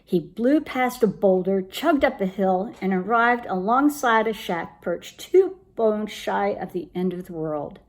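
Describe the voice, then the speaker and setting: A woman reading a children's picture book aloud in an expressive, lively storytelling manner. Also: medium pitch, unhurried, hardly any pauses.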